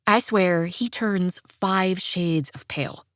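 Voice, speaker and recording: A woman narrating a first-person romance audiobook in a chirpy, expressive way, with bright sing-song dialogue. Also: fairly low pitch, slow pace, hardly any pauses, dry recording, studio quality.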